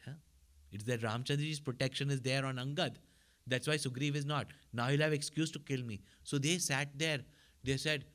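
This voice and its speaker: A man's voice: medium pitch, steady tone, normal speed, fairly bright tone. A man telling a story as a spiritual teacher, in a chatty manner that keeps checking in with his listeners. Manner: conversational, asks listeners for agreement.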